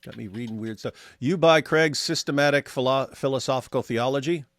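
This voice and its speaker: A man's voice: mid-range voice, brisk, fairly bright tone, no echo, studio quality. A man co-hosting a casual livestream, reading viewer chat aloud with sardonic humor. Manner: sardonic, mock voices for quoted viewers.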